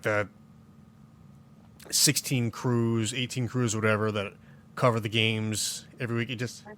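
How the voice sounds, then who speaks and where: A man's voice: fairly low pitch, slight background noise. A man hosting a casual sports podcast, opinionated and rambling, full of fillers and restarts. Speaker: podcast host. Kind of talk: casual chat.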